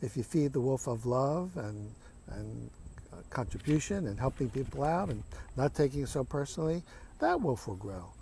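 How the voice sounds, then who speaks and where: A man voicing a patient, wise old grandfather who is a medicine man, speaking calmly and gently. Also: medium pitch, moderate pace, gravelly, slight background noise. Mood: gentle. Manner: calm, gentle storytelling.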